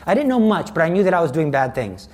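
A man's voice: fairly high pitch, big pitch swings, fast talker. A man giving a personal faith testimony as a Catholic speaker, telling his story in an earnest, dramatic way.

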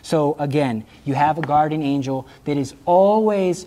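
A middle-aged man giving a lively religious talk, telling stories and laughing at his own jokes. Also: fairly high pitch, normal speed, few pauses. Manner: animated storytelling, acting out quotes, laughing at his own jokes.

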